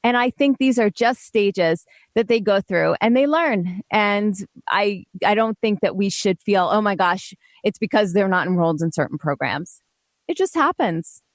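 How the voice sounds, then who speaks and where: A woman's voice: medium pitch, expressive, normal speed, no echo, clean studio sound. A woman hosting a parenting talk show, chatting earnestly and reassuringly about her daughter. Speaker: radio show host.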